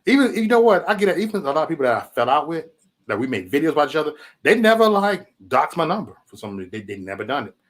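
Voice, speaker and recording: Animated, swearing livestream host man. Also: fairly high pitch, fast talker. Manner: loose rambling talk, profanity, frequent "man"; chuckles between remarks. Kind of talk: casual livestream chat.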